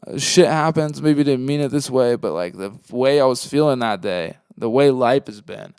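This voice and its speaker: Gravelly-voiced man ranting casually. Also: medium pitch, expressive, moderate pace, hardly any pauses, a little mellow, dry recording, studio quality. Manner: rambling, profane, swings into heated rants. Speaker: podcast host. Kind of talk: casual solo podcast monologue.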